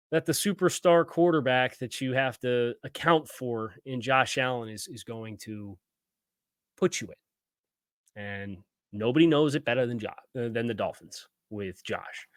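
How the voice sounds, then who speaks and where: A man's voice: medium pitch, measured pace, smooth, no room sound, studio quality. A man hosting a sports podcast, reading ads and then breaking down football tactics in a conversational way. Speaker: podcast host.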